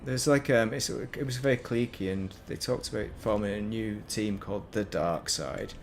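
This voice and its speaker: A fairly low-pitched man with a Northern English accent speaks at a moderate pace, slight background noise audible. He casually commentates his stream, meandering into self-deprecating asides.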